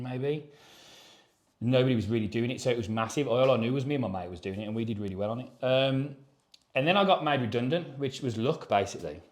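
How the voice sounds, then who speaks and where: Male podcast co-host, 30s, mid-pitched, casual and sweary, echoey room. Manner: rambling, sweary and matter-of-fact. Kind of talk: casual chat.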